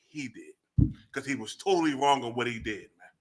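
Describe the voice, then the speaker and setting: A man on a live stream panel telling a personal story in a casual, animated way, laughing and acting out what people said. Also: medium pitch, moderate pace. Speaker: panel guest.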